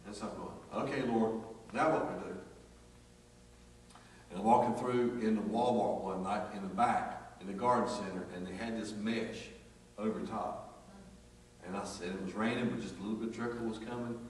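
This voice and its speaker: A man preaching a sermon, telling a folksy, animated story full of acted quotes. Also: on the low side, moderate pace, a little hiss or hum. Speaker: pastor. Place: church sanctuary. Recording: echoey church hall from far off.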